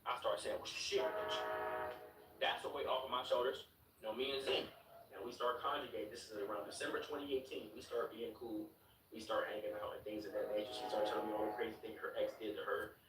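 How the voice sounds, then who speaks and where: A man's voice: fairly low pitch, fast, distant mic, noisy background. A man in his twenties from Chicago, telling a story to his stream chat. He talks casually with a lot of swearing and repeated words. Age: 20s. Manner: animated, profane, repeats words and laughs while telling the story. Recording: roomy room, mic set back.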